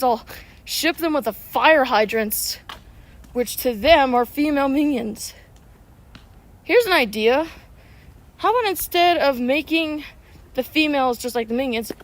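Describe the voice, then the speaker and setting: High-voiced excitable woman streamer. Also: measured pace, pauses often. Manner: excitable, argues back at chat. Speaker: mobile game streamer. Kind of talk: casual chat with viewers while playing. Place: outdoors, walking.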